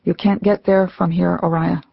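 A woman reading the lines of an ancient spirit grandmother who speaks quietly, simply and slowly in an audiobook. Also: lowish voice, little pitch movement, gravelly, breathy edge, dry recording, dull audio, exaggerated voice. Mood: gentle. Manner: soft, simple and slow.

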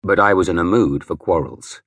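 Husky male audiobook narrator. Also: deep voice, moderate pace, fairly bright tone, no room sound, studio quality. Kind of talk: scripted first-person narration.

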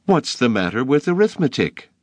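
A prim, self-satisfied schoolteacher woman with an unctuous, measured way of speaking, as a male narrator puts her on, her voice lifted above his own low register. The sound is dry and close. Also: wildly swooping pitch, breathy edge, dry recording, full character voice.

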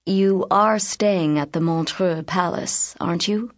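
A woman's voice: fairly low pitch, slow pace. A woman voicing a tall, somber teenage boy who talks politely but gives firm commands.

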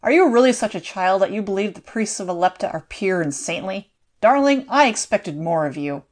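A cold-hearted villainous lord, sneering and cool, speaks with a loud, firm voice in an audiobook reading, as a woman narrator puts him on. His pitch sits in an ordinary middle range, and his mockery stays calm and controlled. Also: fairly quick, lightly acted. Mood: mocking.

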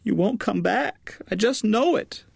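A man's voice: fairly high pitch, big pitch swings, unhurried, no echo, studio quality, pitched above the performer's own voice. A man voicing an anxious, overwrought middle-aged mother in an audiobook, pleading with her daughter. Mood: tearful. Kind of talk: audiobook character voice.

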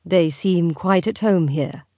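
A woman voicing a teasing, insolent young aristocratic husband in a slow, drawling, mocking manner. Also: fairly low pitch, mellow, dry recording, studio quality.

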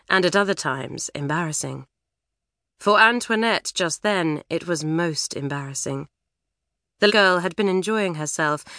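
A woman narrating a children's novel with lively, expressive storytelling in a studio. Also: fairly low pitch, no room sound. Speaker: audiobook narrator. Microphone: studio microphone.

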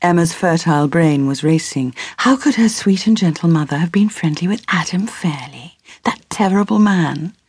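A woman reading a novel aloud as an audiobook narrator in measured storytelling. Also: on the low side, a little mellow, husky, dry recording, studio quality. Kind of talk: scripted narration.

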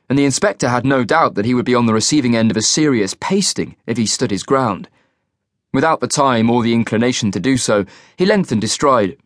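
A man narrating a crime thriller audiobook in an expressive reading style. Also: mid-range voice, no echo, clean studio sound. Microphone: studio microphone.

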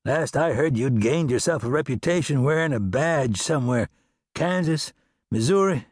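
A man's voice: medium pitch, expressive, breathy edge, no room sound, clean studio sound, pitched above the performer's own voice. A man doing a wily wounded outlaw. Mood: wheedling. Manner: feigning weakness, slow.

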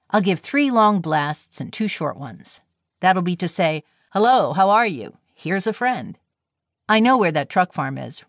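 A kindly young railroad engineer with a cheerful, slangy way of talking, read by a woman narrator. The voice sits fairly low and the sound is close and dry. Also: dry recording.

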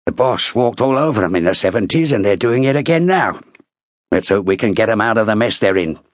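A male narrator playing a gruff, scornful army sergeant who talks in a blunt, coarse growl. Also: fairly low pitch, lively intonation, a little fast, no echo, studio quality, natural voice.

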